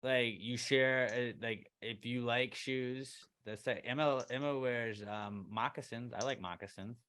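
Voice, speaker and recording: A man co-hosting a podcast, reading out listener questions in a relaxed, casual way and trailing off often. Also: mid-range voice, unhurried. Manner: laid-back, trails off, says "dude". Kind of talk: casual chat.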